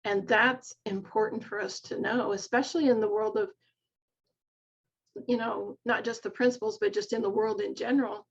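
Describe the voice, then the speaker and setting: A woman's voice: medium pitch, steady tone, normal speed, husky, dull audio. A middle-aged woman, a nurse coach, speaking in an earnest, heartfelt way and retelling stories of her patients in a reflective conversation. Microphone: video call.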